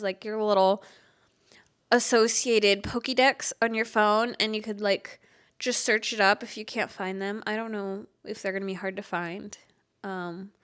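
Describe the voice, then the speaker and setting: A young woman vlogger ranting about a game in casual couch talk, rambling and expressive. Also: mid-range voice. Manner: animated, rambling, self-aware and expressive. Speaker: gaming vlogger.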